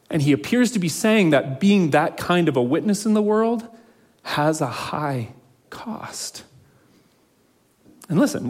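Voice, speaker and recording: Man, pastor, sermon, somewhat high voice, earnest, measured delivery. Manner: earnest, measured preaching with emphatic slow phrases.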